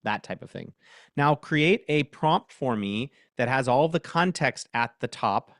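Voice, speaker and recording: A man's voice: mid-range voice, lively intonation, a little slow, fairly bright tone, no echo, studio quality. A man hosting a casual live workshop, talking in a chatty, self-mocking way while dictating prompts aloud. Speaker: host.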